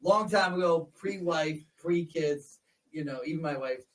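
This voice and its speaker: A man's voice: on the high side, unhurried, a bit bright, recorded from a distance, slight background noise, low-quality recording. A man in his forties hosting a casual interview chat, telling stories with repeated words and laughing as he talks. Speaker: podcast host.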